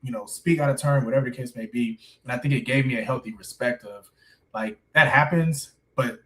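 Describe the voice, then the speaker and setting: A man's voice: mid-range voice, brisk, low-quality recording. Laid-back man telling his story. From United States. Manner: relaxed, laughs often, uses "man" and "you know what I'm saying". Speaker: coffee shop owner, guest. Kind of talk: casual storytelling interview.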